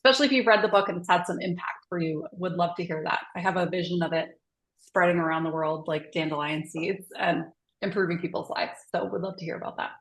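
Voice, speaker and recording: A woman's voice: lowish voice, fast, reverberant, low-quality recording. A woman, an executive coach and author, speaking earnestly and reflectively as a podcast guest, often saying "like". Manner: earnest, thoughtful, often says "like". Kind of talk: reflective podcast interview talk.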